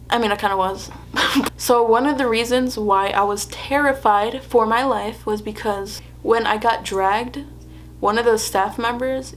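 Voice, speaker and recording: A young woman vlogging, telling a personal story in a chatty way, laughing often and acting out what people said. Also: fairly high pitch. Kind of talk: casual storytelling to camera.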